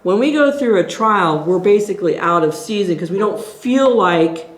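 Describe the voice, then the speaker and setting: A woman's voice: mid-range voice, expressive, moderate pace. A woman leading a group Bible study, teaching in an earnest, exhorting way as she thinks aloud. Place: church meeting room. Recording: echoey room.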